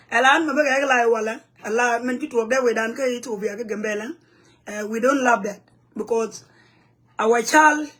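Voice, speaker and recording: South sudanese woman, high voice, angry rant to camera in broken english. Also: fairly bright tone, breathy edge. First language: Nuer. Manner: heated, blunt, broken English mixed with Nuer phrases. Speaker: community vlogger. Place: home in the U.S.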